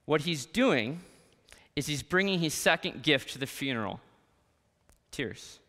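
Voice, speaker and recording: Expressive male pastor in a hall. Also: on the high side, a little slow. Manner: expressive, shifts between quiet and emphatic. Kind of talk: sermon. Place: church sanctuary.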